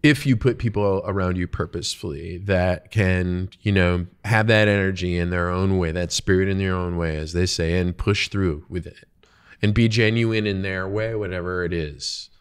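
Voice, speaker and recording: A man's voice: deep voice, steady tone, moderate pace, clear, resonant tone. A man hosting a podcast, talking casually about work and the people he works with, trailing off and restarting his thoughts as he goes. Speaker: podcast host. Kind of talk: casual conversation.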